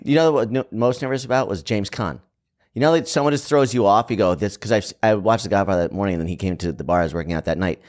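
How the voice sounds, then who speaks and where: A male co-host with a fairly low voice who talks quickly and eagerly. He laughs easily in casual conversation. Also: darkish tone. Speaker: podcast co-host. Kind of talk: casual chat.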